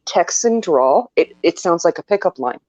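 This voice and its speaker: A man of middle pitch chatting on a casual call, often repeating words and starting again. His mic sounds dry and a little dull, like a cheap home setup. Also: animated, moderate pace, a little mellow, no echo. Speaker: podcast co-host. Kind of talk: casual chat.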